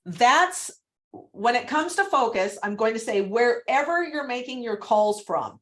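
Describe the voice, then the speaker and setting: A woman coaching on a video call, her voice sitting a little on the high side. She talks in a chatty, animated way and laughs easily. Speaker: real estate prospecting coach.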